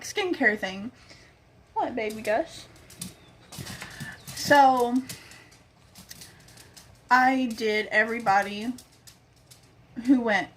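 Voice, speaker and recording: Young woman vlogger, chatty storyteller who plays every part of the dialogue, swears casually, a bit high-pitched. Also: a bit bright.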